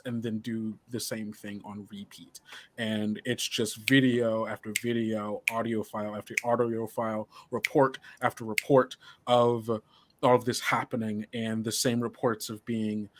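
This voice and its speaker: A man narrating a tabletop game as game master, halting and full of filler words. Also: medium pitch.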